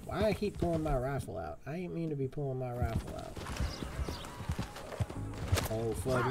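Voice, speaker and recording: A man streaming a western game live, chatting casually and swapping swear words for softer ones. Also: medium pitch, huge pitch swings, moderate pace, gravelly, long pauses. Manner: chatty, swaps swears for "fudge". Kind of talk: live gameplay commentary. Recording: game music behind the voice.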